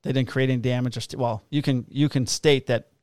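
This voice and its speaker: A man's voice: mid-range voice, steady tone, a little fast, a little mellow, no room sound, clean studio sound. A man who works as a police officer, telling work stories in a casual chat, profane and blunt, laughing at his own tales.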